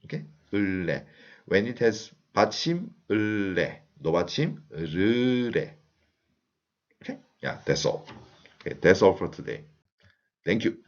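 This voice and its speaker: Deep-voiced teacher with a Korean accent, lively. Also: male voice. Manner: patient, repeats example phrases slowly, frequent uh fillers. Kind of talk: online language lesson. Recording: slightly muffled lo-fi audio.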